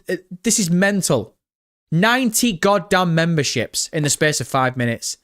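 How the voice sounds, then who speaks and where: A young British man live-streaming, chatting excitedly with his viewers and swearing freely. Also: fairly high pitch. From Britain. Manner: excitable, swears often, chats directly to viewers. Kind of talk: casual live-stream chat.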